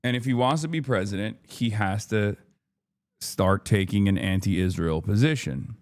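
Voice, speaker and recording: A man's voice: fairly low pitch, moderate pace. A man hosting a livestream, ranting in frustrated, profane political commentary. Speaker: livestream host.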